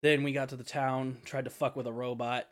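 A man's voice: medium pitch, level tone, a little fast. A young man hosting a podcast in casual chat, rambling and swearing with lots of fillers. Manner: rambling and profane, with frequent fillers and laughter. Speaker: podcast host.

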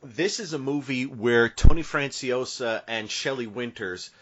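A man's voice: mid-range voice, a little slow. A man hosting a podcast, telling a playful made-up story full of asides and tangents. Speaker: podcast host. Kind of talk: casual podcast banter. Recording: dull lo-fi podcast audio.

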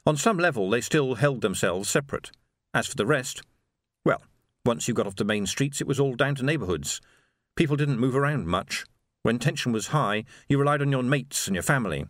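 A man narrating an audiobook in an expressive, animated storytelling manner. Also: medium pitch, brisk, no room sound, studio quality. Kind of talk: scripted narration.

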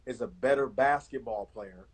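A man's voice: medium pitch, normal speed, breathy edge, rough recording. A man in his forties, a basketball scout, chatting casually in an interview and repeating his words as he goes. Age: 40s. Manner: repeats words, animated storyteller.

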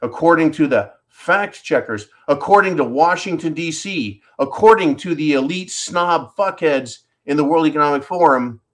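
A man's voice: a little high, lively intonation, normal speed, few pauses, a bit bright. A man hosting a political talk show, ranting in a sarcastic, profane and combative way. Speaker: podcast host. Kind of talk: political rant commentary.

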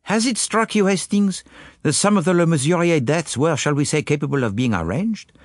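A man's voice: fairly high pitch, lively intonation, a little fast, dry recording, studio quality, voice pushed up. Man doing a fussy formal detective, proper and exact, bouncy intonation. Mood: probing. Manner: precise, formal. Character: fastidious, methodical older male detective.

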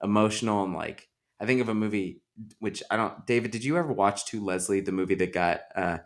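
Deep-voiced man chatting about movies. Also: brisk. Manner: talkative, many likes and restarts. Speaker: podcast host. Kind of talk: casual movie discussion.

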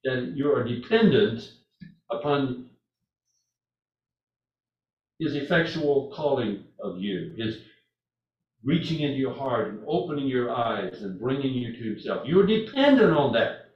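An older man preaching a sermon, speaking earnestly and repeating himself, with lively storytelling. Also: medium pitch, normal speed. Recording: echoey hall from far off, dull.

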